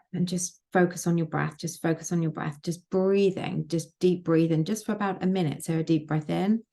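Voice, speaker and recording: Low gravelly woman, emphatic coach. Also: fairly even intonation, normal speed, warm tone. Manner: emphatic, repeats phrases, swears freely. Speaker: manifestation coach. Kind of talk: casual motivational vlog.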